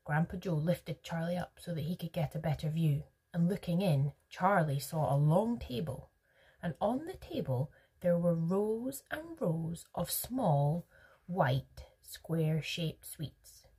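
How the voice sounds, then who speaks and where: A woman reads a children's book aloud as a teacher would, in a husky, breathy voice. Her pitch is on the low side but swoops widely as she narrates. She drops into soft whispers now and then. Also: expressive, measured pace. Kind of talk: storybook read-aloud.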